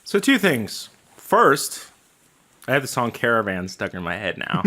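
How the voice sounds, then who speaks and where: A man co-hosting a talk podcast with a bright, forward tone. He chats casually, cracks jokes and laughs often. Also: lowish voice, normal speed. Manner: joking, animated, laughs often. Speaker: podcast co-host. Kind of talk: casual political chat.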